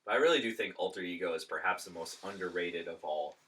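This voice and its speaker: A man's voice: sits low, fast talker, pushed and bright, distant mic. A man co-hosting a podcast, chatting eagerly with many fillers. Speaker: podcast co-host. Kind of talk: casual podcast chat.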